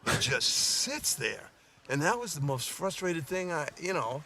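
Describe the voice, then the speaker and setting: A man's voice: fairly high pitch, sing-song, a little slow, bright, forceful tone, a little hiss or hum. A man, a coach, casually telling self-deprecating stories outdoors at a golf course putting green. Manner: self-deprecating, chuckling storyteller.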